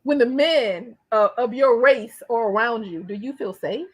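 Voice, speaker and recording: A woman hosting a casual interview, animated and quick to repeat herself, often checking in with tag questions. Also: on the high side, husky. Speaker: interview host.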